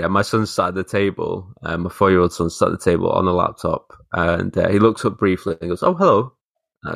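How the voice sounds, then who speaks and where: Low-pitched with vocal fry and a fairly bright tone, this podcast co-host from northern England spins a meandering story laced with swearing. He imitates the characters as he goes, and the recording is dry.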